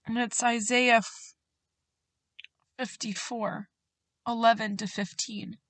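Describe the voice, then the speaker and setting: A woman host telling a personal faith story in an earnest way, getting animated when she quotes others and laughing at herself. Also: on the high side, slow pace, no echo. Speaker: podcast host.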